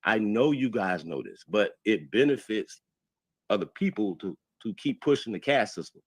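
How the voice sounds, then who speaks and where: A man's voice: on the low side, animated, normal speed, husky, no echo. A man hosting a livestream debate, talking over others and repeating himself insistently. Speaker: livestream host.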